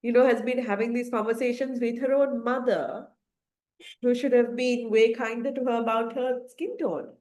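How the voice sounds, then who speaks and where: A woman's voice: on the high side, steady tone, normal speed, a little mellow. A woman from Sri Lanka co-hosting a podcast, speaking in an earnest, reflective, casual way. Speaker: podcast co-host. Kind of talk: casual conversation. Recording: roomy echo.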